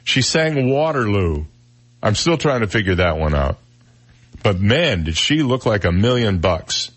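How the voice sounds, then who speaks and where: A man's voice: fairly low pitch, very animated, a bit bright. A man hosting a talk radio show, chatting wryly and joking about odd news stories in a studio. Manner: wry, joking, drawn-out delivery.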